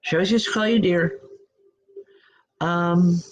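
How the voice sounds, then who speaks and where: A woman working as a spiritual medium, giving a live online reading. She talks in a halting, stop-start way, restarting her sentences as she passes on messages gently and reassuringly. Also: lowish voice, rough recording.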